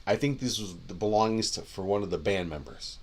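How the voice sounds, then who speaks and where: A man's voice: lowish voice, brisk. A man co-hosting a podcast in casual chat, rambling with many restarts and asides. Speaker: podcast co-host.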